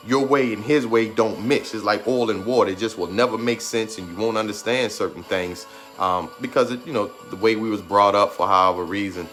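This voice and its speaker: On the low side and fairly bright, this man's voice moves briskly. A motivational speaker in his thirties, he delivers an emphatic, repetitive talk and fights back tears over background music.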